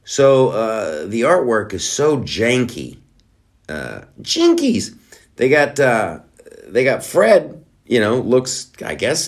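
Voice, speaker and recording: A middle-aged man hosting a podcast, talking in a sarcastic, rambling way with many restarts. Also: medium pitch. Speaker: podcast host. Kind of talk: casual monologue.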